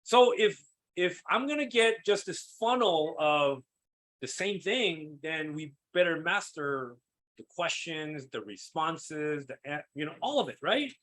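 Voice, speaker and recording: A man leading a live sales coaching session, energetic and checking in with his listeners as he acts out sample calls. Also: fairly high pitch, unhurried. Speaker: sales team trainer.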